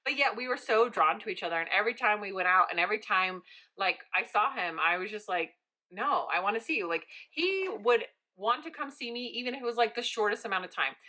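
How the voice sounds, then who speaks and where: A woman's voice: mid-range voice, fairly quick. A young woman telling a personal story in a casual, chatty way, acting out the lines of the people in it. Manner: chatty, animated, acts out quoted dialogue. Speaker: vlogger.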